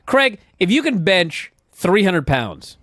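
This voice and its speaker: A man telling a wrestling story to his co-hosts, swearing freely and acting out every quote. His voice sits a little high and swings widely in pitch. The sound is dry and close. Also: takes it slowly, dry recording. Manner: animated storyteller, swears often, acts out quotes. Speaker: podcast co-host. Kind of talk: casual wrestling recap chat.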